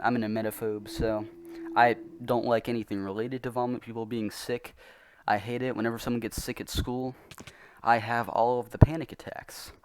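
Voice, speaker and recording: A man's voice: medium pitch, no room sound. A young man telling a story in a casual, rambling, self-mocking way, often laughing as he goes. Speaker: vlogger.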